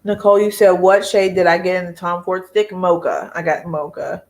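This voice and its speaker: A woman's voice: lowish voice, steady tone, moderate pace, darkish tone. A woman, hosting a casual beauty live chat, chatty and laughing often as she reads viewer comments.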